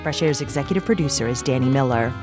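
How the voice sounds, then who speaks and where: A woman radio host closing a show and listing credits in a calm, composed way. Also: extremely low pitch, fast, music in the background. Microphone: studio mic.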